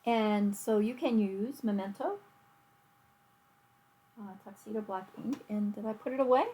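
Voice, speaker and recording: A woman's voice: medium pitch, unhurried, mellow, poor audio. Chatty woman narrating a craft demo. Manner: chatty, talks to herself and her dog while working. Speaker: card-making demonstrator. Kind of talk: casual crafting tutorial.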